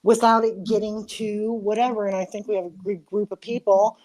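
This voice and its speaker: A woman's voice: medium pitch, little pitch movement, brisk, darkish tone, low-quality recording. A woman co-hosting a casual podcast, chatty and giggly, often trailing off mid-sentence. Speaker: podcast co-host.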